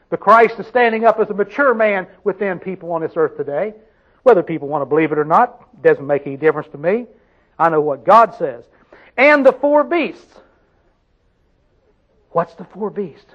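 A man's voice: high-pitched, animated, moderate pace, highs cut off. A man preaching a sermon, emphatic, putting questions to his congregation and answering them himself.

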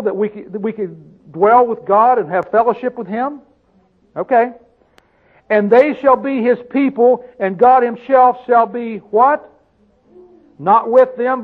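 A man preaching a Bible-teaching sermon, often asking his listeners questions and slowing down to stress the scripture he quotes. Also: very high voice. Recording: tinny phone-like sound.

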